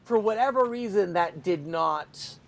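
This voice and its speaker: Animated man telling a family story. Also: sits high, a little slow, creaky. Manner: animated, acts out shouting kids. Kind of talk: casual storytelling chat.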